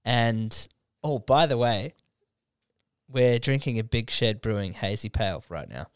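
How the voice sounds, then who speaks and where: Young male podcast host, laid-back chatter with a bouncy, expressive voice, dry close sound. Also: medium pitch, measured pace, smooth, no echo. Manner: laid-back, laughing along. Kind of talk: casual podcast chat.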